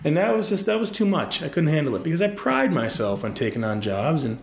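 A man's voice: fairly high pitch, very animated, brisk, vocal fry, reverberant. A man who is a designer, talking casually and rambling in a live podcast interview, with many restarts and jokes. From Pacific Northwest. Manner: rambling, self-interrupting, jokey. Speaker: guest designer. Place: live event in a university building.

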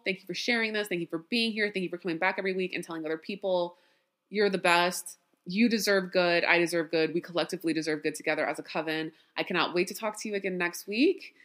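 A woman's voice: lowish voice, fast talker. A tired woman with a Southern accent hosting a podcast, chatting casually and laughing at herself. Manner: chatty, warm sign-off with laughs, self-deprecating. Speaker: podcast host. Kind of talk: casual chat.

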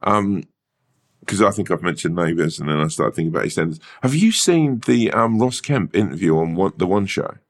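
Deep-voiced male podcast co-host, animated swearing storyteller. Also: brisk. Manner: animated storyteller, swears freely, laughs often. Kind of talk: casual chat.

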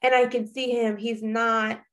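A woman in her thirties telling a personal story in a casual, reflective way, often halting and starting sentences over. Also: on the high side, level tone. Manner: reflective, halting, with frequent restarts.

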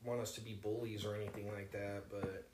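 A man's voice: fairly low pitch, level tone, brisk, reverberant, background noise. A man co-hosting a podcast, talking in a rambling casual way with many fillers. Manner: rambling, hesitant, lots of fillers. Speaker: podcast co-host. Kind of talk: casual chat.

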